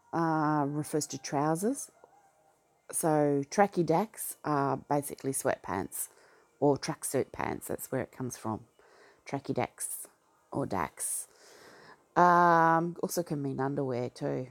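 A woman from Western Australia with an Australian accent, casually reading through a slang list and adding low-key asides and comments. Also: creaky, husky. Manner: low-key, drops into soft asides, laughs at her own remarks. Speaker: vlogger.

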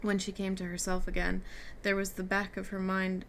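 Gravelly woman reading a story aloud. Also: mid-range voice, completely flat delivery, moderate pace, a little hiss or hum. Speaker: reader. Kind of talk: audiobook reading with character dialogue.

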